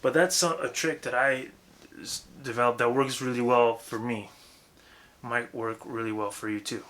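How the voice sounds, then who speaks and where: A young man giving a casual, profane, rambling lesson on vocal technique, breaking into loud demonstrations. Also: mid-range voice, steady tone, normal speed. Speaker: vocal coach.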